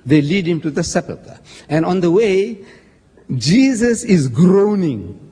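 A man's voice: sits high, sing-song, takes it slowly, warm tone, slightly rough. A man arguing in a public religious debate, emphatic and pointed, quoting scripture with dramatic stress and addressing his opponent as sir. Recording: echoey hall with long reverb.

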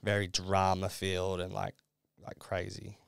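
Young aussie bloke, super smooth clear voice, dry sound, chill rambly storytelling. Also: male voice, low-pitched, completely flat delivery, normal speed, dry recording. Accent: Australian. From Australia. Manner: laid-back storytelling, heavy on "like". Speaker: podcast guest. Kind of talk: casual chat.

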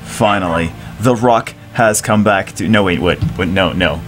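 A man giving excited commentary over a mobile game, giddy, loud and swearing, laughing as he plays. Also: deep voice, moderate pace, faint music behind. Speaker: mobile game video creator.

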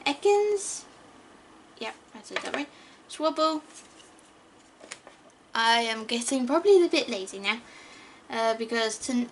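High-voiced woman chatting while opening cards. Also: slight background noise. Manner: chatty, stumbles over card names, excited gasps at good pulls. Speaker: YouTuber opening trading card packs. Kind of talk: casual card-opening commentary.

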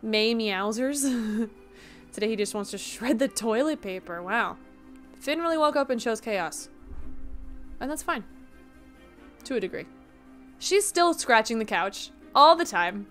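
A woman's voice: a little high, animated, a bit bright, faint music behind. Chatty, giggly woman streamer. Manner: chatty, giggly, quick to riff on jokes. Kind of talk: casual chat with stream viewers.

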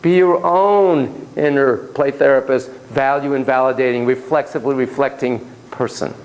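A man teaching a class on child psychotherapy in a classroom, talking in an animated way that swings between soft, low asides and emphatic bursts, often repeating his phrases. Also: moderate pace, rough recording. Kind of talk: classroom lecture with a volunteer demonstration.

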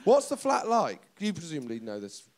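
A male host teasing a guest with quick interjections on a live comedy show. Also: on the high side, huge pitch swings. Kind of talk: comedy chat show banter. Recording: live audience laughter behind.

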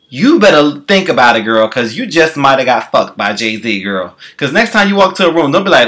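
A man delivering a sassy, profane comic rant, calling the listener "girl" and swooping his pitch around wildly. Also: lively intonation, a little fast, a bit bright. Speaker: comedian.

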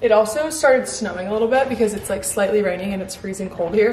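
A woman's voice: mid-range voice, fast talker, hardly any pauses. A woman chats casually to the camera at home, her mid-range voice bouncing around an echoey room with a faint hiss of noise underneath. She talks loosely, leaning on fillers like "like" and "um" as she goes. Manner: chatty, lots of "like" and "um" fillers. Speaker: lifestyle vlogger.

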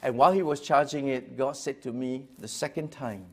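A middle-aged pastor telling his story to a gathering. His voice sits at a medium pitch. He swings between quiet, low stretches and loud, lively ones, often repeating words as he goes. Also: moderate pace, gravelly. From Singapore. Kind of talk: personal testimony talk.

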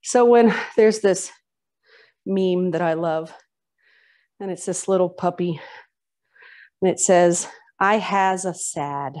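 Slow-talking woman leading a yoga class. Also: on the low side, dark tone. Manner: encouraging, chatty cues between breaths. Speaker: yoga instructor. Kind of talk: guiding a live yoga class.

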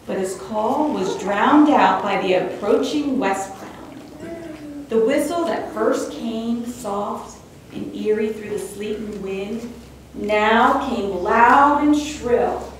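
A woman reading a suspenseful children's story aloud in a church, with expressive storytelling. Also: fairly high pitch, takes it slowly, a little hiss or hum. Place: church sanctuary. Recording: very echoey hall, distant mic.

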